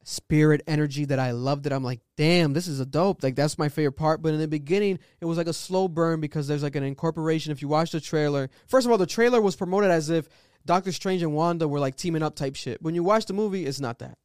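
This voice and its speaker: A man's voice: fairly high pitch, quick pace, a little mellow, clean tone, no room sound, clean studio sound. A young man co-hosting a podcast, telling stories loosely and animatedly with lots of fillers. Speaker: podcast co-host. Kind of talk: casual chat.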